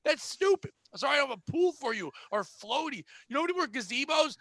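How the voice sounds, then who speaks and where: A man's voice: very high-pitched, animated, quick pace, bright, forceful tone, no room sound. A man from Connecticut hosting a podcast, ranting about retail customers in a profane, exasperated way. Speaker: podcast host. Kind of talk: casual ranting chat.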